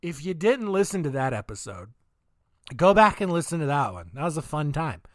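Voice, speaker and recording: A drunk male podcast host tells a crass story in a loose, rambling way, tripping over his own sentences. His voice jumps up and down with his excitement. The sound is dry and close-miked. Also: on the high side, moderate pace, dry recording. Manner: rambling, crass, restarts a lot. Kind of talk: comedic storytelling.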